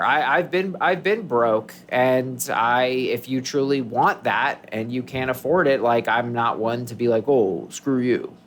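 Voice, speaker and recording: A man's voice: mid-range voice, a little hiss or hum. A man co-hosting a podcast in casual chat, rambling, restarting his sentences and joking as he goes. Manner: rambling, self-interrupting, jokey. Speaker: podcast co-host.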